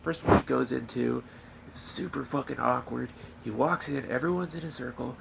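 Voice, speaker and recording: Gravelly man rambling through a review. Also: mid-range voice, moderate pace, very noisy. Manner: rambling, profane, many fillers and restarts. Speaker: movie reviewer. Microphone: camera filming himself.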